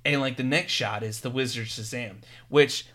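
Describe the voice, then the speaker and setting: Animated man chatting about films. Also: mid-range voice, normal speed. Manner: animated, retells scenes with quoted voices. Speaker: podcast co-host. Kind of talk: casual film discussion.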